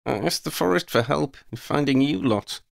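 A woman's voice: a bass voice, expressive, moderate pace, creaky, no echo, clean studio sound, pitched above the performer's own voice, full character voice. A man voicing a confident, playful young witch who leads her friends with wry teasing.

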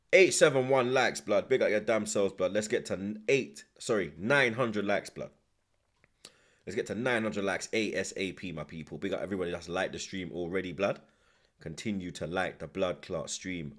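A young man, chatting animatedly as he live-streams a football watchalong, full of slang and repeated tag words. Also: low voice. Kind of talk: live stream match commentary and chat.

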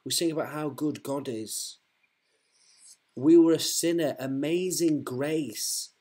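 Husky man, slightly high, earnest street preacher who keeps circling back on his words. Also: takes it slowly, mellow. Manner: fervent, repetitive, restarts mid-sentence.

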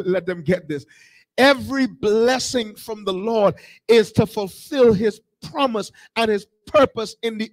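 A male pastor preaching a sermon, calling on the congregation and rising into shouted, sung cadences. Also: high-pitched, poor audio.

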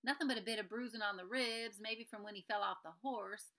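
A woman doing a gruff old frontier doctor. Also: mid-range voice, fairly quick, bright, forceful tone. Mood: blunt. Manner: plain folksy drawl. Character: gruff old male country doctor of few words.

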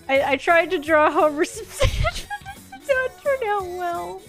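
A woman's voice: extremely high pitch, a bit bright. A woman streamer giving playful, giggly commentary while she plays a game. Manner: giggly and playful, quick to exclaim. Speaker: gaming streamer. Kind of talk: livestream gameplay commentary.

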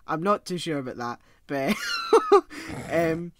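Higher, lively-voiced male podcast co-host. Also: takes it slowly, a little hiss or hum. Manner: relaxed, hesitant, trails off quietly. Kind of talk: casual film chat.

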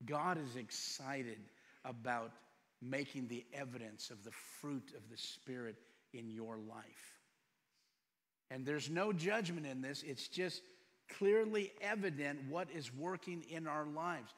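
A pastor in his fifties preaching a sermon, firing rhetorical questions and swinging between loud and soft. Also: medium pitch, slow. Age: 50s. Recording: long reverb in a church hall.

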